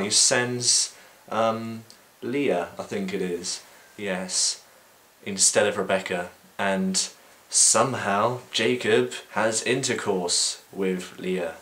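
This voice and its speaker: A man's voice: fairly low pitch, fairly bright tone. A man casually retelling a book for a video blog in an irreverent, offhand way, with frequent ums and crude slang. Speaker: video blogger.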